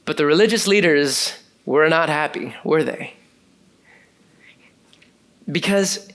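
Here a preacher with a slightly high voice speaks slowly and pauses often. He reads scripture and chats with the congregation in an animated, informal way, leaning on frequent fillers.

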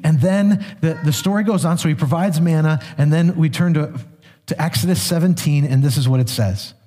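A man's voice: a little high, moderate pace, mellow. A male pastor giving a sermon, retelling scripture in an easygoing, conversational way with small restarts. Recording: long hall reverb.

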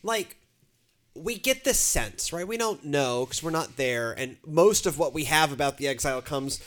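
A woman from Texas, a pastor co-hosting a podcast, talking in a chatty, animated way with many fillers and restarts. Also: deep voice, moderate pace. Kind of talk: casual chat.

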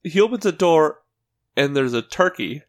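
A man co-hosting a podcast, recapping a cartoon in rambling, animated casual chat. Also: fairly high pitch. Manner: rambling, animated retelling with quick put-on quotes. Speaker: podcast co-host.

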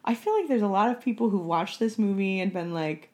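A woman's voice: mid-range voice, a little fast. Chatty woman podcast co-host. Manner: chatty, animated, says "like" often. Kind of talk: casual chat.

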